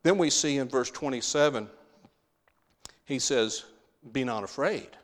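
A man's voice: medium pitch, measured pace, big-room sound. A man preaching a sermon, stressing key phrases by repeating them.

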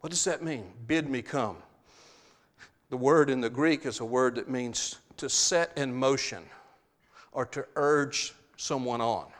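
A man's voice: mid-range voice, unhurried, in a large hall. A man preaching a sermon, stressing key phrases by repeating them.

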